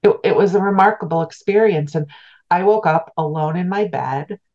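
A woman's voice: on the low side, normal speed, dull audio. A middle-aged woman telling a personal story as an interview guest, earnest, heartfelt and reflective. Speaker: guest, spiritual teacher.

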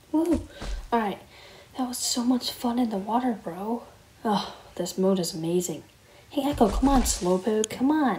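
A woman's voice: mid-range voice, darkish tone, a little hiss or hum, close to an everyday voice, poor audio. A woman voicing a young male wolf in a Minecraft roleplay, talking casually, calling everyone bro and stammering with fillers. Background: background music.

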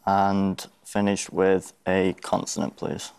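A male contestant on a TV quiz makes short, matter-of-fact requests. His voice is extremely low, and a clear hiss runs through the studio audio. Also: completely flat delivery, takes it slowly. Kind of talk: game show contestant.

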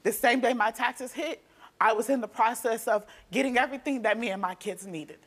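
A young woman, a guest on a talk show, recounting events in a rapid, emotional way. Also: on the high side. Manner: rapid, emotional storytelling with restarts. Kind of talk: telling her story on a talk show. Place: TV studio stage.

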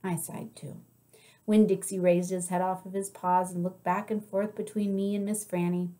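A woman reading a children's novel aloud in an expressive, friendly way. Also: on the low side, normal speed. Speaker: storybook reader.

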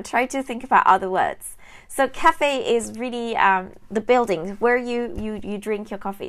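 A woman's voice: mid-range voice, a bit bright. A woman, teaching a language lesson on a live stream in a chatty way, often restarting her sentences and speaking to viewers.

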